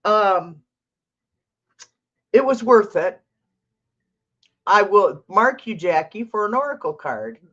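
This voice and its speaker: A woman's voice: mid-range voice, big pitch swings, slow, pauses often, a bit bright, muffled recording. An older woman hosting a tarot livestream, chatting casually, reading out viewer comments and talking to her cat.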